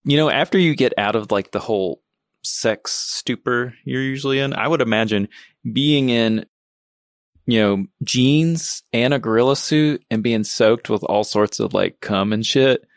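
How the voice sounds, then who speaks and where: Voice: medium pitch, a little slow, no echo, clean studio sound. A podcast co-host chatting casually, joking bluntly and swearing freely. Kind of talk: casual comedic chat.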